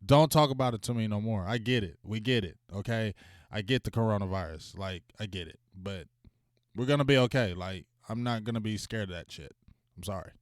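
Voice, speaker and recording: Slangy, smooth-voiced male stream host. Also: lowish voice, a little fast, dry recording, studio quality. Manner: loose, slangy, venting with loud shout-outs. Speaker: sports talk stream host. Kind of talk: casual livestream chat.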